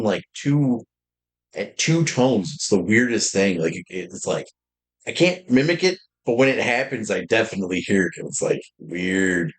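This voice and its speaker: Deep-voiced man rambling on a stream. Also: poor audio. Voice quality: deep, slightly loud streaming voice. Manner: rambling, heavy on fillers and restarts. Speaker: game streamer. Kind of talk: casual stream chat.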